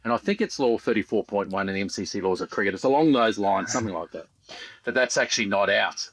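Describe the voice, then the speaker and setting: An Australian man in his fifties, a former fast bowler guesting on a podcast, telling rambling stories with dry humour and lots of ums. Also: lowish voice, fairly bright tone, slightly rough. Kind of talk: casual podcast chat.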